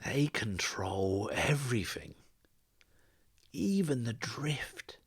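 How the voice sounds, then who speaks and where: A man puts on a worn-out old soldier, sick and drunk, muttering in a low, hushed voice. His speech comes out unfocused and rambling, often near a whisper. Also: big pitch swings, a little slow, breathy edge, heavily acted.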